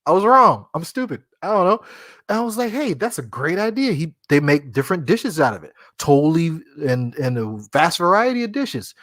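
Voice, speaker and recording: A man's voice: a little high, big pitch swings, normal speed, a bit bright, no echo, studio quality. A man hosting a casual solo podcast, rambling and joking, often laughing at himself. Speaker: podcast host.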